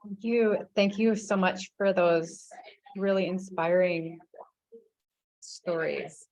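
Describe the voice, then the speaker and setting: A woman hosting an interview, thanking her guest and asking a question in a measured way. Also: fairly low pitch, steady tone, darkish tone, low-quality recording. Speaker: host.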